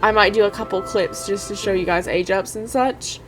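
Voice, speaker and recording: A young woman giving casual, excitable commentary over a life-sim game, talking straight to her viewers and gushing nervously. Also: mid-range voice, moderate pace, faint music behind. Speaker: gaming YouTuber.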